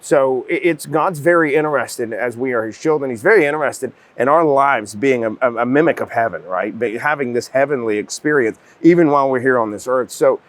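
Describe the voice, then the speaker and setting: A man's voice: medium pitch, brisk, few pauses, no room sound. A middle-aged man from North Georgia with a Southern accent, telling an earnest, folksy story as a guest in a casual conversation. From North Georgia, USA. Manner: earnest, folksy, repeats words as he starts. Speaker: chiropractor and podcast guest.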